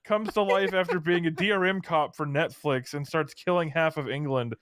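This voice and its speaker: A man's voice: on the high side, steady tone, normal speed, a bit bright, smooth, dry recording, studio quality. Jokey man riffing on a podcast. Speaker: podcast co-host. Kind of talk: casual chat.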